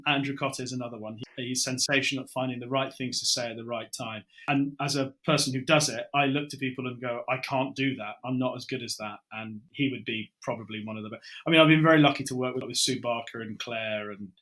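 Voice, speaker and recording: A man's voice: mid-range voice, fast talker, hardly any pauses. A middle-aged British broadcaster telling anecdotes in a casual podcast chat, acting out what he and others said. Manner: lively storyteller, acts out his own quotes. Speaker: broadcaster guest.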